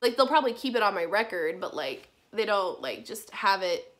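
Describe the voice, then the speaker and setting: A woman's voice: medium pitch, very animated, moderate pace, fairly bright tone. A young woman vlogger telling a personal storytime casually, chatty, full of "like" and casual swearing. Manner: chatty, frequent "like", swears casually, emotional retelling.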